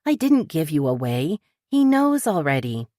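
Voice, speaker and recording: A woman narrator voicing a wisecracking young woman bookstore owner, eager, pleading and quick to joke. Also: deep voice, big pitch swings, dark tone, no room sound, studio quality. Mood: urgent.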